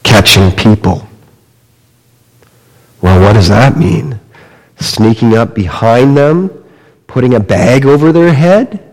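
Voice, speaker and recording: A man delivers a sermon at a slow, deliberate pace, telling a story with dramatic drops to near-quiet and lifts back up. His middle-pitched voice carries a long reverb, as if he stands in a large sanctuary. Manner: slow, dramatic storytelling with wide swings in loudness. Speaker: pastor.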